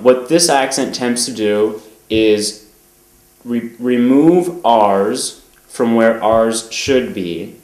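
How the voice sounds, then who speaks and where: A man with a General American accent giving a calm, measured language lesson, pausing often with "um". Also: on the low side, roomy sound, rough recording. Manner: calm, measured explaining with frequent "um" pauses. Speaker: language teacher. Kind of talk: explanatory lesson.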